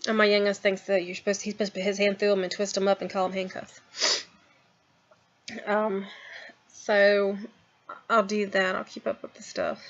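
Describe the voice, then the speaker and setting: A woman's voice: medium pitch, flat delivery, normal speed, long pauses, dull audio. A woman in her thirties chatting casually to her camera at home, rambling with lots of ums and trailing asides. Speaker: vlogger. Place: at home, in a house.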